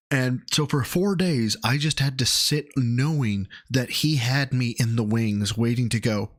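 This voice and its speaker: A man in casual stream chat, telling a story excitedly and swearing freely. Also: mid-range voice, normal speed, few pauses. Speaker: streamer guest.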